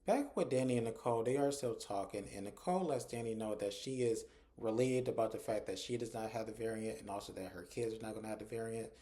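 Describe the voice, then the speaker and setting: A man's voice: fairly low pitch, quick pace, few pauses, dark tone. A man casually recapping a TV episode scene by scene, chaining events together with "and so" and "like" as he goes. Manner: retells scenes conversationally, often with "and so" and "like". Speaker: TV episode reviewer.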